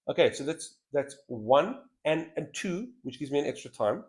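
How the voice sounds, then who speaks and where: A man's voice: a little high, big pitch swings, moderate pace, darkish tone. A man hosting a solo board game stream, thinking aloud as he weighs each move in casual commentary on a headset mic. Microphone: headset mic with a straw-like boom.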